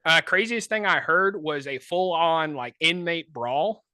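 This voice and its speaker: A man co-hosting a podcast, telling casual, animated stories full of "like" and put-on voices. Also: a little high, a little slow, no echo. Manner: animated, filler-heavy anecdotes with many put-on voices. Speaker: podcast co-host. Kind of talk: casual storytelling chat.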